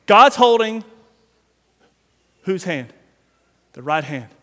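High-voiced male preacher in a reverberant hall. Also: sing-song, slow. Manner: preaches with swings from quiet to loud emphasis, addresses the congregation directly. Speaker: pastor. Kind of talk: sermon. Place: church sanctuary.

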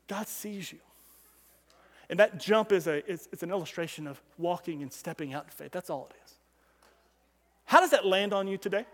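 A man preaching as a pastor on a Sunday morning, telling a story with animation and swinging from loud calls to hushed asides. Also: high voice, lively intonation, normal speed, long pauses. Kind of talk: sermon. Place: church sanctuary. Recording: long hall reverb.

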